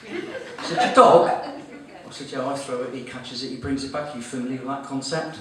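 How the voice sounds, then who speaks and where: A man's voice: mid-range voice, flat delivery, a little fast. Man, comedy compere, teasing and swearing, heard from far off, very echoey room. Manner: chatty, swearing, teasing the crowd. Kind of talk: stand-up storytelling to a live audience.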